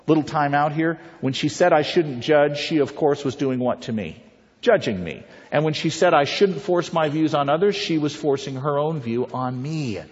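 A man's voice: fairly high pitch, moderate pace. Man giving a persuasive talk in a reverberant hall. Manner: rhetorical, storytelling, puts questions to the audience. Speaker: pro-life speaker. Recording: reverberant, dull lo-fi hall recording.

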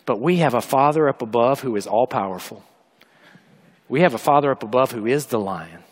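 A man preaching a sermon as pastor, telling family stories and building to loud emphatic peaks. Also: mid-range voice, lively intonation, fairly quick, slightly rough.

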